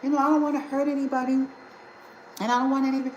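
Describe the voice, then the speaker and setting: Brief: a woman doing a meek, pleading woman, high and breathy, rushed, roomy echo. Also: little pitch movement, a little mellow, highs cut off, a little hiss or hum, lightly acted. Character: timid pleading woman, meek and conflict-shy.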